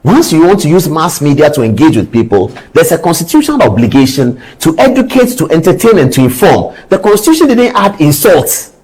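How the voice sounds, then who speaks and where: A man's voice: on the high side, big pitch swings, a little fast, few pauses, darkish tone, breathy edge, low-quality recording. A man with a Ghanaian accent gives impassioned commentary, firing off indignant rhetorical questions. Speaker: news commentator.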